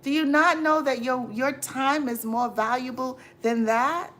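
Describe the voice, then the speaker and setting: A woman livestream host talks casually to her audience, handing out advice in an exasperated, preachy way and saying things more than once. Her voice sits high and a bit bright, steady in tone and measured in pace.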